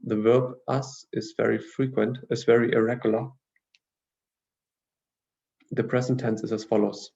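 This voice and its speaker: Male language teacher, dark gravelly tone, steady explanatory lecture, muffled lo-fi audio. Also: mid-range voice. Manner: measured, explanatory, with frequent fillers and restarts. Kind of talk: lecture reading grammar notes.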